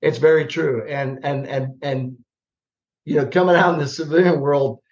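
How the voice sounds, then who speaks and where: Older man, from the midwest, retired general as podcast guest, animated anecdotes, muffled call audio. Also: on the high side, moderate pace. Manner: plainspoken, animated storyteller who acts out remembered dialogue. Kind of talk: conversational storytelling on a podcast.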